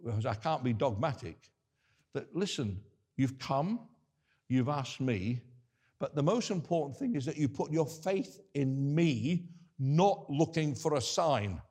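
A man's voice: mid-range voice, expressive, unhurried, darkish tone. An older man preaching a sermon, earnest and conversational, often restarting his sentences.

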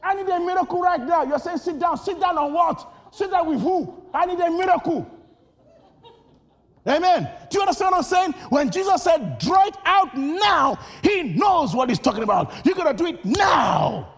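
Preaching with escalating intensity, a man born in Nigeria shouts, repeats phrases, and tells his personal stories in an animated manner. The voice is very high, and the pace is normal.

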